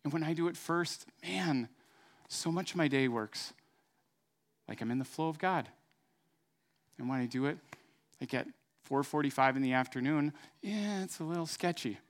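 A man's voice: a little high, normal speed, pauses often. A middle-aged man preaching a sermon in an earnest, conversational way, then moving into a fervent prayer. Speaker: pastor.

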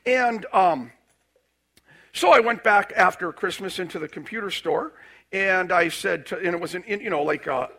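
A male pastor telling a personal story in a sermon, animated, with restarts and acted-out quotes. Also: high-pitched, moderate pace.

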